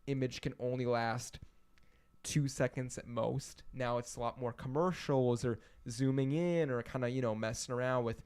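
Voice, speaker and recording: A man in his twenties, a podcast guest, talking in an animated, rambling way and laughing often in casual chat. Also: mid-range voice, normal speed, smooth.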